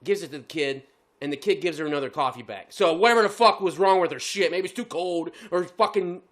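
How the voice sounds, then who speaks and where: A man's voice: a little high, quick pace, fairly bright tone. A man telling a story on a podcast in casual chat, laughing often and swearing heavily.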